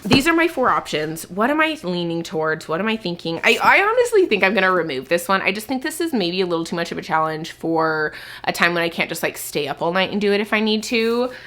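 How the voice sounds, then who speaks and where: A woman's voice: lowish voice, big pitch swings, fast talker, fairly bright tone. A young woman talking to camera in a book vlog, thinking aloud with lots of fillers, a little sick with a cough. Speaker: book vlogger. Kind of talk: casual chat to camera.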